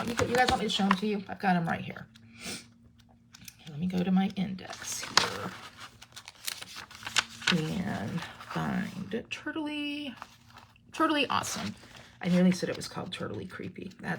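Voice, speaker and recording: A woman's voice: medium pitch, slight background noise. A woman leading a live crafting tutorial, chatting to viewers and reading their comments as she works, often restarting her sentences. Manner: chatty, self-interrupting, talks to viewers. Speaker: craft demonstrator.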